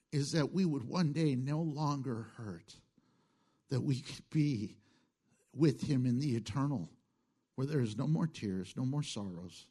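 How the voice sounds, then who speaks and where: A middle-aged male pastor preaching a sermon in a conversational way, moving between hushed asides and emphatic lines, chuckling at his own jokes. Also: medium pitch, slightly rough.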